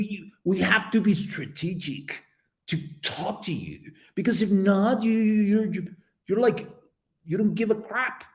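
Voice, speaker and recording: A man hosting a relaxed live stream, chatting with his viewers as he paints. His pitch swings up and down a lot, and he rambles playfully, cracking jokes at the chat. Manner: playful, rambling, jokey, addresses chat directly. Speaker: livestream host painting community art.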